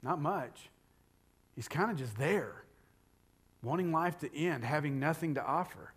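A middle-aged man preaching a sermon, building loudly on key points and dropping to a whisper for emphasis. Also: fairly high pitch, animated, a little slow, husky. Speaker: pastor.

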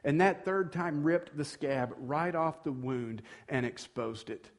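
A man's voice: a little high, slow pace. A male pastor giving a sermon in a conversational tone, acting out quoted dialogue and building to moments of emphasis.

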